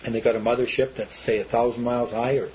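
A man's voice: medium pitch, little pitch movement, quick pace, slight background noise. A man telling of something he witnessed in a rambling, repetitive way, acting out what others said. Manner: rambling, repetitive, acts out quoted speech. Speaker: eyewitness telling his story. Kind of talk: casual spoken recollection. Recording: slightly muffled lo-fi recording.

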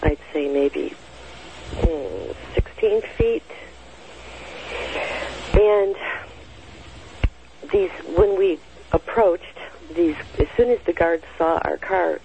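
Woman, 60s, gravelly, meandering storyteller; muffled recording with a faint hiss. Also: low-pitched, slow, pauses often, mellow. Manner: rambling, with many fillers and self-corrections. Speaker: storyteller recounting a personal experience. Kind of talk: casual spoken storytelling. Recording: dull lo-fi sound with faint noise.

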